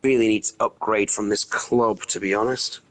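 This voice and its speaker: A man's voice: on the low side, steady tone, normal speed, a bit bright, no room sound, poor audio. Laid-back man co-playing a game. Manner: laid-back, short agreeing replies. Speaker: co-player on a game stream. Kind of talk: casual gameplay chat.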